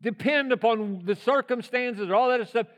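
An older male pastor preaching a sermon in a church, swinging from loud shouted passages to quiet, conversational storytelling. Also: very high-pitched, moderate pace. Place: church sanctuary.

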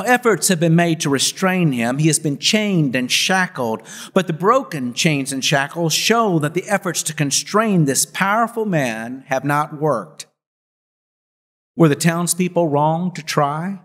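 A male pastor reads scripture and preaches in a measured, deliberate way, easing off at the ends of phrases. His voice sits slightly high. The long reverb of a church sanctuary trails behind him. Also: a bit bright. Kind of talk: sermon with scripture reading.

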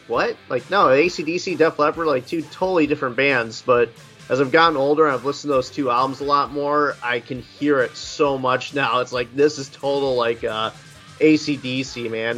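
A man's voice: mid-range voice, fairly bright tone. A man co-hosting a casual music podcast, laid-back and rambling, often saying "like" and "man". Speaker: podcast co-host. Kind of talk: casual chat about music.

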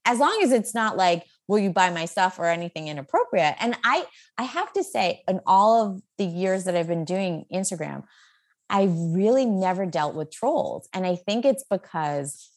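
A woman's voice: fairly low pitch, lively intonation, moderate pace. A woman in her thirties, a guest in a casual interview, talking in an upbeat, chatty way full of fillers and laughter. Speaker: guest, social media creator.

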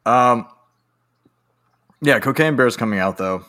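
A man's voice: medium pitch, expressive, takes it slowly, bright, forceful tone. A man co-hosting a podcast in casual chat, laid-back, laughing often and swearing casually. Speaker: podcast co-host.

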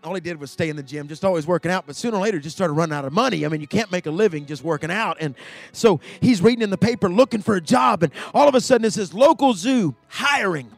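A man preaching a sermon, telling stories that swing from hushed to shouting and repeating words as he builds. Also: fairly high pitch, dry recording. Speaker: pastor.

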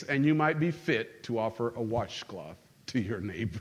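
A middle-aged man preaches to his congregation in a church. His delivery is animated and humorous, rising for punchlines and dropping low and quiet for earnest points. He keeps drawing the room in with call-and-response. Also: moderate pace. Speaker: pastor. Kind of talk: sermon. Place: church sanctuary.

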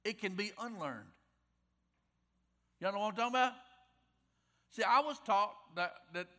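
A man's voice: high-pitched, sharp tone. A middle-aged man preaching a sermon in a folksy, conversational way, repeating his key phrases. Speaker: pastor.

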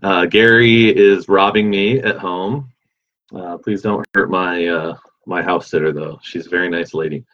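Male stream host, low voice, easygoing and rambly as he reads comments, muffled lo-fi audio. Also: steady tone, a little slow, fairly bright tone. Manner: rambling, easygoing, many fillers. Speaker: livestream host reading viewer comments. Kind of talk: casual chat. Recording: dull lo-fi sound.

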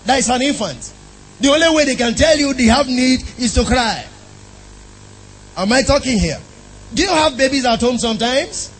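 High-voiced preacher giving a sermon. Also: male voice, animated, moderate pace, pauses often, husky, low-quality recording. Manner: emphatic, asks the congregation questions.

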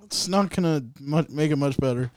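A man's voice: a little high, fairly quick, darkish tone. A man co-hosting a comedy podcast who wisecracks through casual banter.

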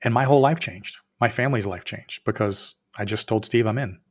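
A man in his fifties with a slightly low voice tells stories as a podcast guest. He talks in a lively, plain-spoken way, acting out both sides of conversations and dropping the odd curse word. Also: brisk. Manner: animated storyteller who acts out both sides of quoted dialogue; swears casually, plain-spoken. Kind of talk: storytelling in a podcast interview.

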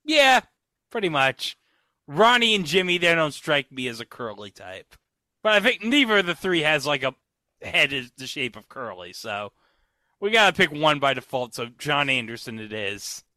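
Bright-voiced joking podcast host. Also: male voice, a little high, big pitch swings, moderate pace, no room sound, clean studio sound. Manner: joking, trails off quietly. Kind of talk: casual chat.

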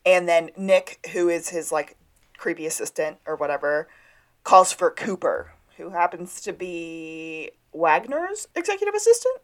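A woman's voice: lowish voice, lively intonation, a little slow. A woman co-hosting a casual recap podcast, retelling scenes in a bubbly way and acting out the characters' lines. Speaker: podcast co-host.

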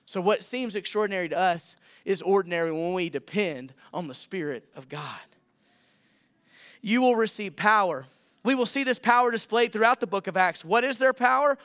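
Bright, clear-voiced guest preacher man. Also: sits high. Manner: earnest, building to emphatic repeated calls. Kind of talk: sermon.

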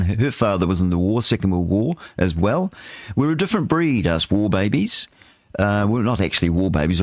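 Low-voiced rambling New radio host. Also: male voice, no echo, studio quality. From New Zealand. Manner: rambling, chatty, self-deprecating. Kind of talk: casual breakfast radio chat.

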